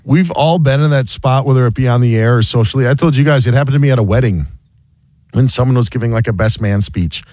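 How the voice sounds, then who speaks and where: A man's voice: mid-range voice, fast talker, darkish tone. A male sports radio host chatting and joking casually with his co-hosts. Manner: joking, talkative.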